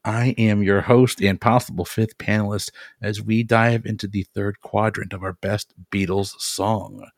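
A man hosting a casual podcast chat with friends, talking quietly and joking, in a low hushed voice. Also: level tone, a little slow, hardly any pauses, no echo, clean studio sound. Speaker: podcast host.

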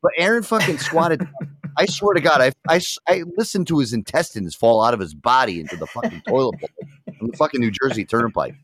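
A man's voice: mid-range voice, fast talker, dry recording. A man casually telling a crude story with lots of swearing, as a podcast co-host. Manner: lively, swearing, laughing storyteller.

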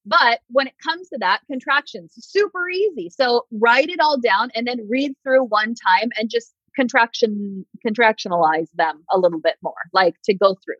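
Woman, sarcastic and animated, podcast chat, dull dry sound. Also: medium pitch, no room sound. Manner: animated, sarcastic, acts out quotes. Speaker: podcast guest, PR coach.

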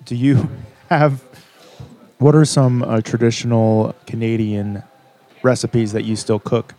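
Casting: man of middling pitch, easygoing interviewer, curious and full of questions. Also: level tone, a little slow, mellow. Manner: curious, asks many questions. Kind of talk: casual chat over a meal.

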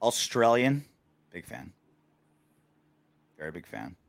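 A man's voice: fairly low pitch, huge pitch swings, slow pace, creaky, no room sound. A man hosting a casual sports show after a game, rambling and joking crudely. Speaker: podcast host.

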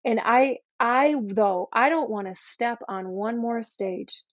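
A woman with a fairly high voice gives an earnest faith talk, pleading gently and pastorally with the listeners of her Christian podcast. The recording is dry and slightly dull, with no room sound. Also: takes it slowly, no echo.

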